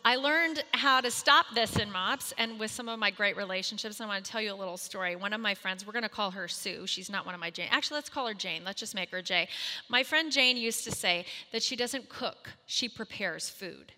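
A woman in her thirties telling a humorous, self-mocking story to a moms' group, animated and acting out the voices in her quotes. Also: medium pitch, in a large hall.

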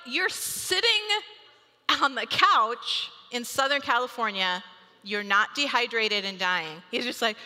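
Woman, 30s, devotional speaker, bright tone, chatty and playful, long hall reverb. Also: a little high, animated, takes it slowly. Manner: chatty, acts out family dialogue. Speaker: speaker giving a devotional talk. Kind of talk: conversational devotional talk.

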